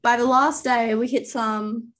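A young woman in casual chat, her voice a little higher than most. She cuts in with dry asides and explains the details. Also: fairly even intonation, unhurried, fairly bright tone.

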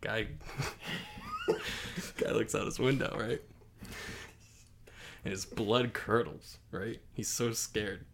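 A man's voice: lowish voice, steady tone, slow pace, creaky, pauses often. A man co-hosting a podcast, telling a long shaggy-dog joke in a rambling way, full of likes and rights. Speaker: podcast co-host. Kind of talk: casual joke-telling chat.

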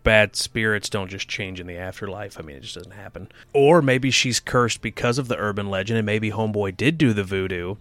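A man's voice: fairly low pitch, brisk, hardly any pauses, fairly bright tone, no echo. A man co-hosting a casual podcast, joking and chatting loosely, breaking into silly put-on voices now and then. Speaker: podcast co-host. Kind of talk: casual chat.

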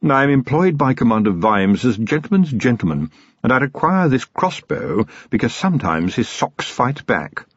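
A man's voice: medium pitch, big pitch swings, moderate pace, husky, no echo, highs cut off, pitched above the performer's own voice. A man doing Willikins, a silky menacing valet. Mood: dry. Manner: polished, formal butler's diction. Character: smooth, menacing manservant, middle-aged man.

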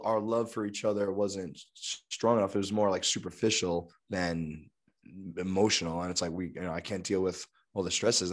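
A young adult man with a sore throat, chatting casually on a podcast with lots of fillers. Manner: rambling, lots of fillers, puts on high voices for quotes. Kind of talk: casual chat.

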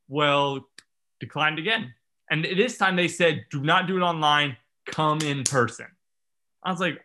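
A man's voice: on the high side, a little fast, pushed and bright. A man telling a long self-mocking story in casual chat, acting out what others said.

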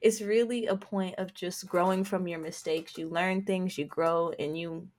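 A woman's voice: on the low side, steady tone, normal speed, a little mellow. A woman co-hosting a podcast in casual chat, earnest and advice-giving, with frequent filler words. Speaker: podcast co-host.

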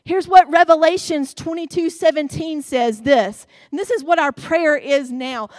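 A woman preaching a sermon, reading scripture in a drawn-out, expressive way and humming softly in approval. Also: high voice, dry recording, studio quality.

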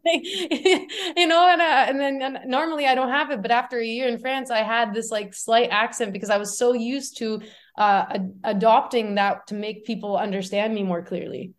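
A woman guest on a podcast, talking casually and animatedly, laughing often and restarting her sentences. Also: mid-range voice. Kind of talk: casual conversational storytelling.

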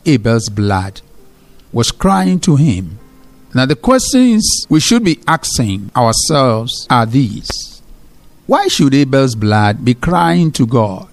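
Pastor preaching, repeating his key phrases. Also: medium pitch. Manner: slows down to read scripture. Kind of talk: sermon.

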